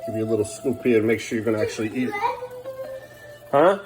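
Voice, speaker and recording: A man's voice: on the low side, animated, fast talker, over music. A man filming his family at home, talking in a sing-song voice to his kids and muttering weary asides. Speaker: parent vlogger. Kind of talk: casual family vlog.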